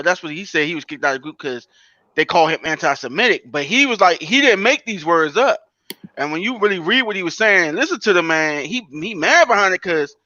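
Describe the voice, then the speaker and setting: Man, earnest, long explanations, podcast co-host, fairly high voice, dry lo-fi recording. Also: pushed and bright, dry recording. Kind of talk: casual chat.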